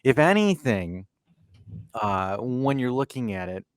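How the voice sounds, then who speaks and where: A man co-hosting a casual podcast, teasing his co-hosts and rambling through animated opinions. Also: mid-range voice, takes it slowly, dry recording, clean studio sound. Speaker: podcast co-host.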